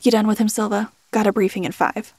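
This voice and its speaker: A woman voicing a gruff, loyal veteran male team supervisor who talks bluntly. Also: mid-range voice, fairly even intonation, quick pace, darkish tone, dry recording. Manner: blunt, calls everyone kid.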